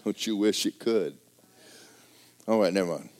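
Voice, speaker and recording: A middle-aged man preaching a folksy, joking sermon in a church, swinging between loud exhortation and quiet asides. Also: on the low side, sing-song, normal speed, long pauses. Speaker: pastor.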